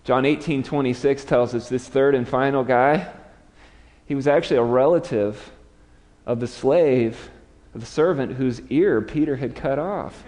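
A man's voice: medium pitch, moderate pace, a little mellow, big-room sound. A man preaching a sermon, telling the story dramatically and acting out the lines of the people in it. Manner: dramatic storytelling, acts out quotes with raised voice. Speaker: pastor.

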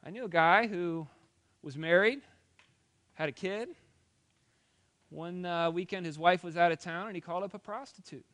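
High-voiced preacher telling a story. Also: male voice, normal speed, long pauses, fairly bright tone. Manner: conversational storytelling, quoting scripture in bursts. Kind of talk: sermon.

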